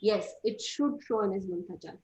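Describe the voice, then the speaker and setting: A woman's voice: mid-range voice, normal speed, darkish tone. Woman teaching in an echoey room. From India. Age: middle-aged. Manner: explains step by step, quizzes her students. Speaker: astrology teacher. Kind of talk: classroom lecture. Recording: roomy, slightly dull recording.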